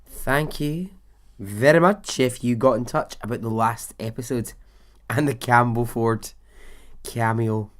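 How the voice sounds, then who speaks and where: Slow-talking male podcast host. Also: mid-range voice. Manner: chatty, laughs easily, warmly informal asides. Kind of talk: casual podcast narration.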